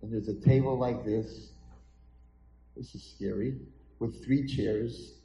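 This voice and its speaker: A man's voice: fairly low pitch, fairly even intonation, slow, long pauses, dark tone, lo-fi sound, slight background noise. A man, a rabbi, dramatically telling a story in a sermon at an event hall. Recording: echoey hall.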